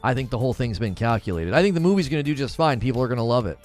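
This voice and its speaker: Male gaming livestream host, casual and opinionated, lively pitch, faint music bed. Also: racing. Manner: animated, opinionated, thinks aloud; briefly mimics cartoon voices in a high falsetto. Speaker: gaming news host reading live chat.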